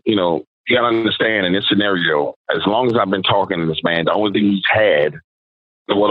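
Man, very deep, dry phone-line sound, relaxed storyteller. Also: dry recording. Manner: conversational, quotes people in his story. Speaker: podcast guest, paranormal storyteller. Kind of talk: casual storytelling.

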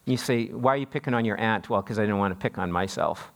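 A man's voice: fairly low pitch, quick pace. A man from Canada preaching a sermon as a pastor, conversational, with frequent restarts and repeated words. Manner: mimics others in a raised voice when quoting.

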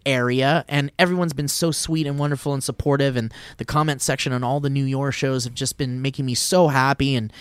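An upbeat man rambling cheerfully through a casual podcast chat, mid-pitched and quick to laugh. His voice sits close and dry on a studio mic, with no room sound at all. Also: steady tone, clear, resonant tone, no room sound. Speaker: podcast co-host.

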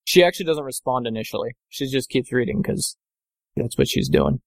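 A male game master narrates a tabletop session in a rambling way, full of fillers and little corrections. His voice sits at an ordinary middle pitch. The recording is close and dry. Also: animated, a little fast, vocal fry, no echo.

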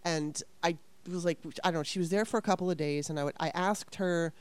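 A woman's voice: fairly low pitch, fairly quick, smooth, no echo. A woman in her fifties telling a story casually, rambling and swearing with exasperation.

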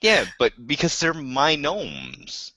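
A man's voice: on the high side, huge pitch swings, slow, bright, forceful tone, dry recording, rough recording. A man co-hosting a podcast, defending his point in casual banter and laughing along. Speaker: podcast co-host.

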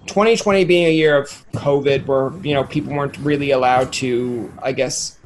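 A man's voice: mid-range voice, fairly even intonation, moderate pace, a little hiss or hum. A man hosting a podcast, chatting casually and rambling through jokey questions, often acting out imagined voices. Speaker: podcast host. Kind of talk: casual interview chat.

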